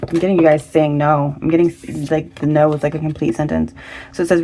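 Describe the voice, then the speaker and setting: Low-voiced, chatty woman reading tarot. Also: flat delivery, fast talker, dark tone, a little hiss or hum. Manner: chatty and slangy, with frequent fillers and affirmations. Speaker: tarot reader. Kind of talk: casual pick-a-card tarot reading.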